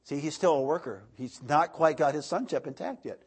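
A man in his thirties preaching a sermon, animated, swinging between loud outbursts and soft asides. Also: a little high, fairly quick, husky.

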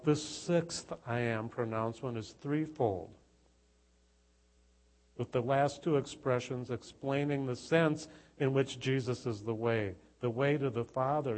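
A man's voice: medium pitch, low-quality recording. Earnest preacher man teaching scripture. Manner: earnest Bible teaching, reading scripture aloud, rising to loud emphatic preaching; restarts and repeats words while thinking. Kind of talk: sermon.

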